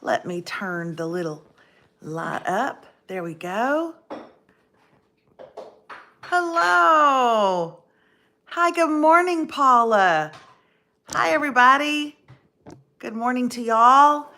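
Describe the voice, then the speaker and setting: A chatty woman in her forties is hosting a livestream from home. Her voice is bright and sits a little high. Her pitch swings widely as she greets viewers by name. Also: animated, slow, pauses often. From Texas. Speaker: livestream host. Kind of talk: casual livestream chat. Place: indoors at home.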